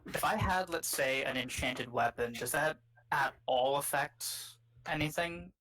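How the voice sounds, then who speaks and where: A man's voice: a little high, a little slow, sharp tone, low-quality recording. A man playing in a tabletop game, asking rambling, uncertain questions in casual chat. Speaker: player.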